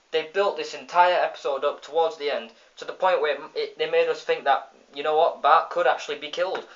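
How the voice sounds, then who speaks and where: A man's voice: on the high side, fairly bright tone. A man giving a casual spoken review of a cartoon episode, retelling the plot in a rambling way with many restarts and fillers. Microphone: phone. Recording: dull lo-fi phone recording.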